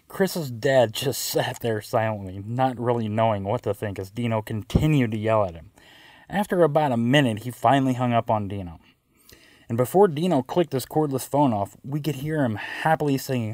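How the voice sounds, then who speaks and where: A man's voice: medium pitch, normal speed, darkish tone, no room sound. A man narrating a personal story in a wry, conversational way.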